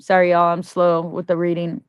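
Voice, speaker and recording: A woman's voice: fairly low pitch, monotone, normal speed, smooth, no echo, dull audio. A woman livestreaming and chatting casually with viewers, talking bluntly with a lot of swearing and rambling asides. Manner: greets viewers and reads the chat.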